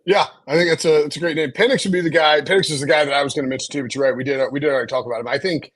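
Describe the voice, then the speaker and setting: Husky-voiced rambling man host. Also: on the high side, steady tone, racing, a bit bright. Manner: rambling, lots of restarts and fillers. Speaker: podcast host. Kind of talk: casual sports chat.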